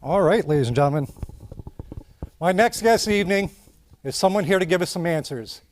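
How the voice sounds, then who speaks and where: A man's voice: high-pitched, lively intonation, fairly quick. A man interviewing wrestlers on a wrestling show, giving announcer-style introductions. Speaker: backstage interviewer.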